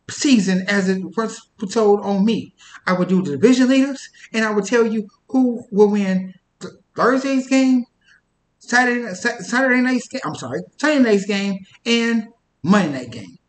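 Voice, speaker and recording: A man's voice: high-pitched, lively intonation, moderate pace, echoey room, pitched above the performer's own voice. A man putting on a grand fortune-teller mystic. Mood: grandiose. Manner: pompous, proclaiming.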